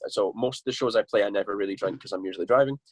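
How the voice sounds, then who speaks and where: A man's voice: fairly low pitch, rapid-fire, breathy edge, no room sound. A Scottish man telling a rambling, sweary tour story as a podcast guest, with lots of restarts. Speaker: guest musician.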